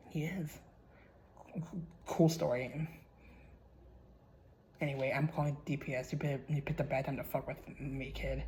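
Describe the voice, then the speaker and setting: A man's voice: mid-range voice, little pitch movement, measured pace, pauses often, a little mellow, a little hiss or hum, low-quality recording. Man casually reading a horror story. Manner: stumbling, repeating words, swearing freely. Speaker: channel host reading a horror story aloud.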